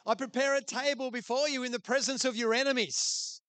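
A man with a very high voice preaching in a loose, conversational way, filling gaps with "you know". He moves into a short prayer. The recording is close and dry. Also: fairly even intonation, a little fast, pushed and bright, dry recording. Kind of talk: sermon with prayer.

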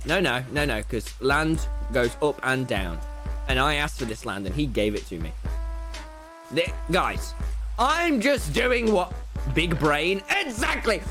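Brief: brash lad streaming from home, wildly swooping pitch, faint music underneath. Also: male voice. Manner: loud, boastful, jokey, often yelling and laughing. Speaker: live streamer. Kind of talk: excitable gaming livestream chat. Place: home room.

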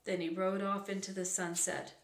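A woman reading a children's book aloud, unhurried, now and then correcting a slip. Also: medium pitch, little pitch movement. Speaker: reader. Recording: roomy echo.

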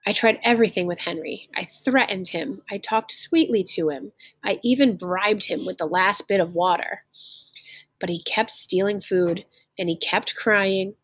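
A woman with a husky, breathy voice reads a simplified story aloud in a close, dry-sounding recording. She stops now and then to explain a phrase in plainer words. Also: mid-range voice, measured pace, fairly bright tone, dry recording.

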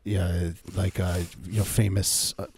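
Deadpan co-host for comedy, husky low male voice. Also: measured pace. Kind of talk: casual comedic banter.

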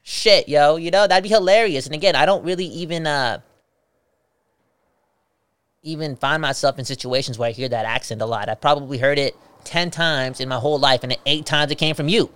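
Casting: podcast co-host man, smooth clear voice, laid-back and slangy, pitched a bit high. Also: normal speed, fairly bright tone. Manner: laid-back, swearing, slangy, laughs a lot. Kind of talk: casual chat.

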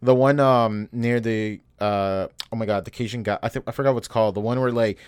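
A man's voice: on the low side, fairly even intonation, a little fast, darkish tone, clear, resonant tone, no echo. A man co-hosting a podcast, chatting casually about games in a loose, joking, slangy way and acting out moments in quotes. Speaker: podcast co-host. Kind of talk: casual gaming chat.

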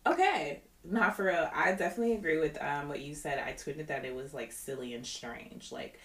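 A woman with a deep voice co-hosts a podcast at a normal speed, her sound roomy. The casual chat finds her animated and opinionated, quoting others along the way.

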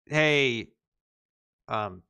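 A man's voice: mid-range voice, expressive, extremely slow, pushed and bright, clean tone. A man co-hosting a podcast, telling rambling stories in casual chat with lots of fillers and restarts. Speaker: podcast co-host.

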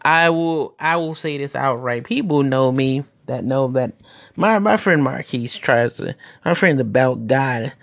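A man talking through a casual podcast monologue in a gravelly, mid-pitched voice. He rambles and keeps restarting his sentences while sharing his opinions. The sound is dry and close, with no room to it. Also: unhurried, a bit bright, no room sound. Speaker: podcast host and wrestler.

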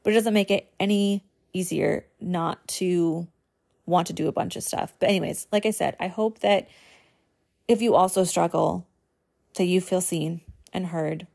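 A young woman talks straight to her viewers in a loose, heartfelt way, sprinkling "like" through her sentences. Her voice sits a little on the low side for a woman. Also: normal speed, vocal fry, a little mellow. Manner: casual, earnest, filler-heavy with frequent "like". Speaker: host. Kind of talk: personal talk to camera.

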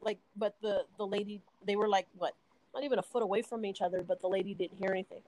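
A woman's voice: mid-range voice, fairly even intonation, fast, darkish tone, poor audio. A woman, a guest in a casual chat, tells a story hesitantly with fillers.

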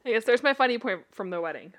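A young woman from Utah co-hosts a podcast, chatting casually and telling stories with lots of animation and frequent laughter. Her pitch jumps upward in quick bursts.

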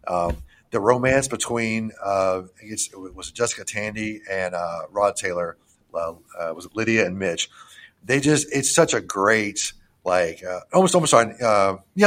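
A man hosting a casual podcast about films, talking in an excitable, profane, rambling way full of restarts. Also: fairly low pitch, normal speed. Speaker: podcast host reviewing films. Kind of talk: casual chat.

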